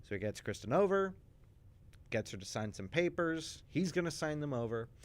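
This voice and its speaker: A man in casual chat, recapping soap opera plot twists for a stream with animated storytelling, frequent restarts and asides. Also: a little high. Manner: acts out characters' lines in quick voices.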